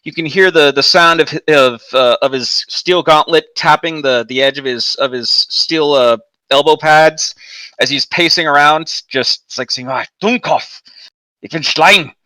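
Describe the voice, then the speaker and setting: A man's voice: on the high side, normal speed, sharp tone, no room sound, poor audio. A man playing a tabletop game over a voice call, chatty and self-correcting as he describes his character. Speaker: player. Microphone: computer mic on a voice call.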